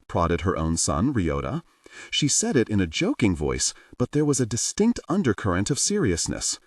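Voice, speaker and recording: A man narrating an audiobook in an expressive, varied way. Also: deep voice, moderate pace, no room sound. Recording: dry, slightly distant mic.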